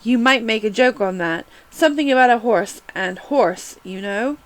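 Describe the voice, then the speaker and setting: A woman reading aloud and voicing a tiny, unhappy talking insect that speaks softly and wistfully. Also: fairly high pitch, animated, normal speed, lightly acted, low-quality recording. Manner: soft, close, wistful. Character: tiny sad talking insect, shy and pleading.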